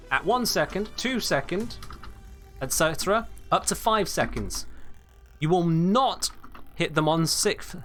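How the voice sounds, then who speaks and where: A man's voice: a little high, fairly bright tone. A young man explaining game mechanics on a live stream, emphatic and blunt when he answers chat.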